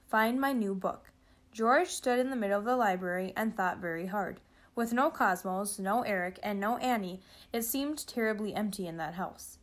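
A woman reading a children's novel aloud in a steady, expressive storytelling way. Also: medium pitch, normal speed. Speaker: reader.

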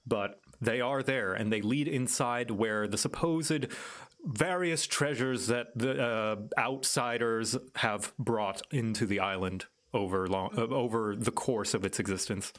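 A man narrating a tabletop game as game master, unhurried and pausing on fillers. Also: mid-range voice, fairly bright tone. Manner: unhurried with frequent filler pauses.

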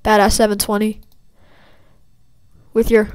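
A woman with a clear, resonant voice sits a little above the usual pitch as she narrates her own gameplay. She teases and taunts her opponents in a loose, joking way. The sound is dry, with no room echo. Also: normal speed. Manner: playful trash-talk at opponents. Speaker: gameplay commentator. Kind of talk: casual gaming commentary.

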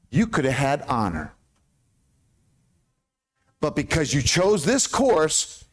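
A man with an American accent preaching a sermon as pastor, animated, with questions to the congregation. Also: mid-range voice. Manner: animated, asks the congregation questions, stumbles over hard names.

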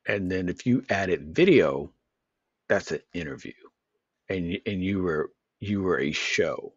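A man's voice: deep voice, animated, a little slow, breathy edge, no room sound, dull audio. A man co-hosting an unscripted podcast, rambling and repeating words as he overanalyzes ideas aloud. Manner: overanalyzes word meanings. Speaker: podcast co-host. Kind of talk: unscripted casual chat.

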